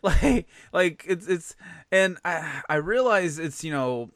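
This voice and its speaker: A man's voice: a little high, animated, slow, a bit bright, dry recording. Chicago-accented man, chatty and rambling. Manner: rambling, self-interrupting, laughs often. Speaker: podcast co-host. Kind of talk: casual chat.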